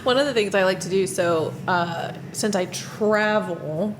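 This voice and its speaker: A woman's voice: mid-range voice, a little slow, background noise. A woman hosting a podcast, chatty and laughing often. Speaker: podcast host. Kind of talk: casual podcast chat.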